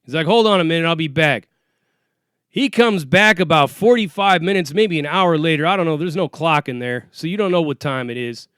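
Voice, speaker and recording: High-voiced man telling a prison story. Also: fairly quick, hardly any pauses, fairly bright tone, clean tone, dry recording, studio quality. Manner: profane, streetwise, acts out quoted dialogue. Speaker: former inmate telling prison stories. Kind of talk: casual storytelling monologue.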